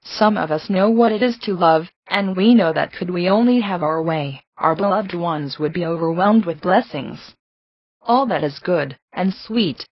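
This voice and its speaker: Woman reader, low husky voice, measured and reverent, dry close sound, slightly dull lo-fi recording. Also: no echo. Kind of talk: reading a devotional book aloud.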